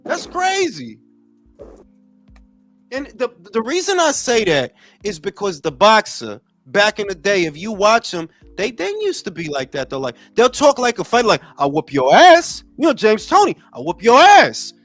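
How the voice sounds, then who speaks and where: A man co-hosting a casual boxing talk show, ranting loudly and profanely, often mocking others in put-on voices. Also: sits high, very animated, moderate pace, faint music behind. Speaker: podcast co-host.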